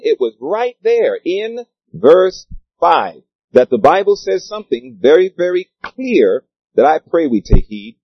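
Male pastor preaching a sermon, high and animated, shifts from loud to quiet, dry and slightly dull recording. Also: no room sound. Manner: preaching with rhetorical questions to the congregation; swings between loud declarations and quiet asides.

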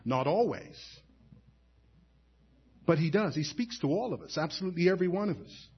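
A man's voice: on the high side, expressive, normal speed, husky, lo-fi sound. A man preaching a sermon as pastor, building emphasis and calling to the congregation for an amen.

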